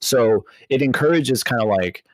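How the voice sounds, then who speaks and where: Animated, joking man. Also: mid-range voice, normal speed, no echo, low-quality recording. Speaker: podcast panelist. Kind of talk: casual gaming chat.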